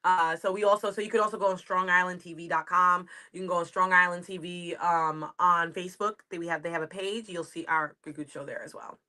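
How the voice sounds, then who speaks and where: A woman's voice: lowish voice, steady tone, fairly quick, few pauses, bright, forceful tone. A woman from the United States with a New York accent, a comedian chatting as a guest on a video-call interview, rambling and easy to laugh. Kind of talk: casual interview chat.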